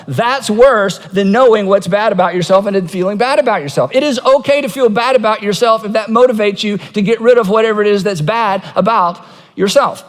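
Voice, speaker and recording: A man's voice: high voice, fairly bright tone, big-room sound. A man preaching a sermon as pastor, telling stories in a conversational way and acting out quoted voices with humor.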